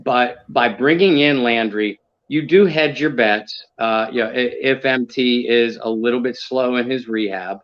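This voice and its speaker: A man co-hosting a casual sports talk show, speaking in a measured, analytical way with many fillers. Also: medium pitch, highs cut off. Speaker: co-host.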